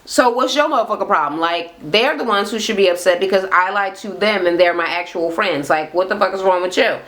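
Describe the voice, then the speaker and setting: A woman's voice: medium pitch, brisk, a bit bright. A woman recapping a reality show in a blunt, profane, sarcastic rant, firing rhetorical questions at her viewers.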